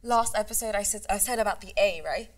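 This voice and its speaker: A woman's voice: mid-range voice, quick pace. A woman from London with a British accent, co-hosting a casual chat and explaining things in a friendly way. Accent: British English. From London, England. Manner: friendly, explanatory, laughs often. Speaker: co-host.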